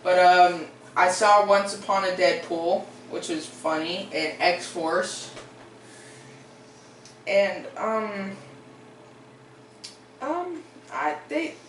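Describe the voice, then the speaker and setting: A man's voice: high voice, expressive, very slow, pauses often, fairly bright tone, distant mic. A teenage boy hosting a casual vlog, rambling and hesitant, full of fillers and restarts. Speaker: video host. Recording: roomy echo, voice away from the mic, faint background noise.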